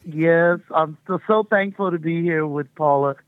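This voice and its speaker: A woman's voice: low-pitched, unhurried, dry recording. A middle-aged woman, a touring music artist, chatting as a guest in a rambling way and laughing often. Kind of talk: casual phone interview. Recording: tinny phone line.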